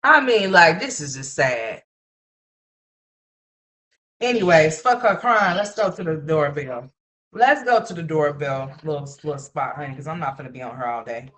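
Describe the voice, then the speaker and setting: A woman's voice: deep voice, expressive, moderate pace, pauses often, fairly bright tone. A woman doing casual live commentary as a streamer, blunt and profane, scolding the person she is reacting to. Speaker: livestream commentator. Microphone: streaming mic.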